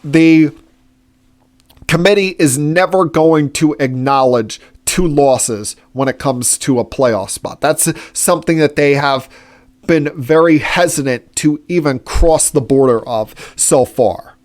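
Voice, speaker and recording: A male sports-talk podcaster delivering an opinionated, indignant monologue. His voice sits a little high, and he takes his time, filling pauses with frequent "uh"s as he builds each point. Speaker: podcast host.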